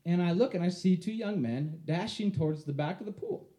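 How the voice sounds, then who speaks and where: Man, storyteller, high voice, mellow tone, animated, laughing through it. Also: a little fast. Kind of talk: personal storytelling to a live audience.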